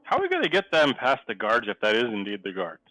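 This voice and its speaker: A man's voice: medium pitch, huge pitch swings, fast talker, sharp tone. A man playing a tabletop game, chatting casually in and out of character. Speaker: player.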